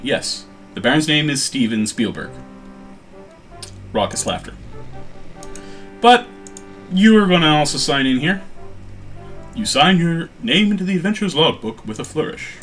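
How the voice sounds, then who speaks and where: A man's voice: on the high side, big pitch swings, moderate pace, long pauses, fairly bright tone, soft background music. A man playing an old adventure game and casually chatting about it. He reads bits of text aloud and breaks in with joking asides and fillers. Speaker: let's-play host.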